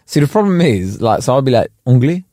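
A man's voice: mid-range voice, very animated, brisk, dark tone, no room sound. Guy on a pod, rambly, explaining stuff and laughing at himself, dry close sound. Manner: rambling, explanatory, self-mocking. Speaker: podcast co-host. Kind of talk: casual comedic chat.

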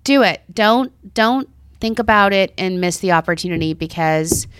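A woman's voice: mid-range voice, expressive, normal speed, a bit bright, clear, resonant tone, dry recording, studio quality. A middle-aged woman co-hosting a casual talk show, speaking earnestly and acting out her stories. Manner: chatty, earnest, acts out stories. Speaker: co-host. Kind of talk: casual chat.

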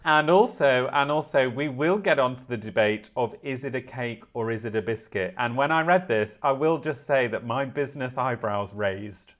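A young man co-hosts a podcast in easy conversation, reading news aloud and breaking off for wry, playful asides. His voice sits at an ordinary middle pitch for a man. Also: normal speed, few pauses, a bit bright. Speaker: podcast co-host.

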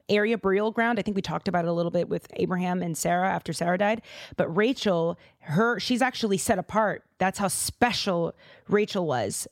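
A woman's voice: mid-range voice, no echo. Chatty woman hosting a podcast, dry sound. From Boston, USA. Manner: chatty and animated, with lots of fillers and side remarks. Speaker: podcast host. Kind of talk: casual podcast talk.

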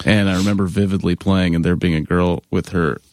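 A man's voice: sits low, fairly even intonation, a little fast, dry recording. A man in his thirties, a band member, telling stories in casual chat, laughing often and acting out other people's lines. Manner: laughs often, acts out quoted people in a raised voice.

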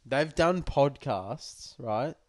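A young man co-hosting a podcast, tipsy, loud and rambling, swearing a lot in casual banter. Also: medium pitch, animated, extremely slow, no room sound. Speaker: podcast co-host.

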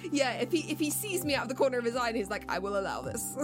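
A high-voiced woman with a bouncy, animated delivery, playing a tabletop game and joking around. She sounds playful and giggles easily. Music plays clearly in the background. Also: brisk. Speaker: player. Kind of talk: casual tabletop game chat.

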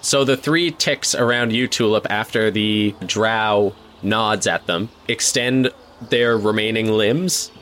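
A man's voice: lowish voice, takes it slowly, fairly bright tone, slight background noise. A man narrating a tabletop role-playing game as game master, laughing often between descriptions.

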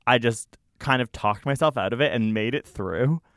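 A young man chatting casually on a podcast, telling stories with animated quoted voices. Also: medium pitch, normal speed, dry recording, studio quality. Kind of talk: casual chat.

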